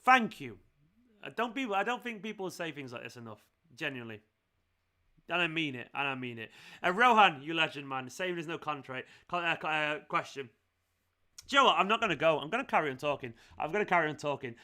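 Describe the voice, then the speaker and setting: Excitable young man with a bright voice. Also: fairly high pitch, fast talker. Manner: excitable, emphatic, repeats himself. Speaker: fan channel host. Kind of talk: live stream chat.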